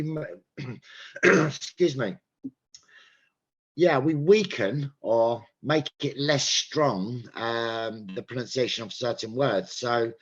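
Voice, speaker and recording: A man's voice: medium pitch, dull audio. A man with an English accent teaching an English lesson, patiently explaining and demonstrating how sentence stress changes.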